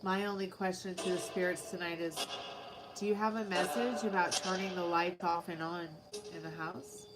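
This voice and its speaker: A woman's voice: fairly low pitch, steady tone, moderate pace. A woman hosting a live tarot and spirit box stream, chatting casually with viewers and spirits. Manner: chatty, talks to chat and spirits. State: sleepy, yawning. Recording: clear background noise.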